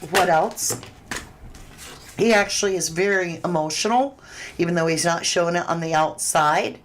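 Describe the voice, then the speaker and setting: Low-ish woman doing a chatty live tarot reading for viewers, bit of faint hiss. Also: normal speed. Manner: chatty and conversational, with frequent restarts and fillers. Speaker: tarot reader host.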